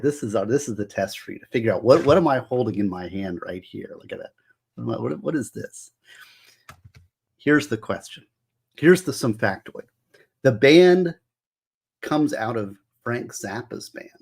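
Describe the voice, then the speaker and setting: A man's voice: medium pitch, gravelly, darkish tone, husky. A man hosting a casual livestream about music, chatting with viewers in a rambling, enthusiastic way, full of trivia and restarted phrases. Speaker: host.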